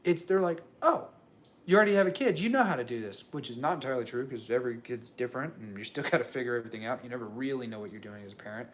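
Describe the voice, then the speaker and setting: A man's voice: mid-range voice, racing, hardly any pauses. A young man talking casually to camera at home, rambling and chatty, with many fillers and restarts. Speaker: working dad vlogger. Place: his home.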